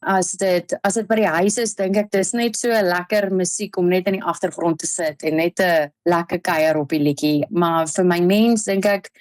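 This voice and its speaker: A woman's voice: fairly low pitch, fairly even intonation, moderate pace, few pauses, no echo. A young South African woman with a South African accent, a singer chatting as a radio guest, giggly with lots of fillers and restarts. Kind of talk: radio interview. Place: radio studio.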